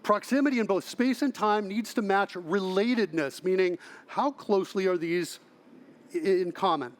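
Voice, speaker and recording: A man speaking as a conference presenter, giving a technical talk in a lively way, often checking in with the audience and restarting his phrases. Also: high-pitched, moderate pace. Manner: lively, asks audience "right?" often, self-correcting restarts. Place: large conference hall.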